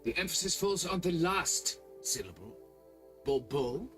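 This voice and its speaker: A man's voice: medium pitch, sing-song, normal speed, fairly bright tone, faint music behind. An actor playing a pompous, condescending nobleman in a video game, fussy and demanding. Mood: haughty. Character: pompous middle-aged nobleman, haughty and demanding. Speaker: vineyard owner hiring a monster hunter.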